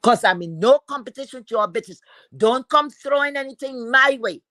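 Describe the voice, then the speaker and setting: A woman's voice: sits high, animated, normal speed, a bit bright, no echo. Heated, profane woman ranting on livestream. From Philadelphia. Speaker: livestream host.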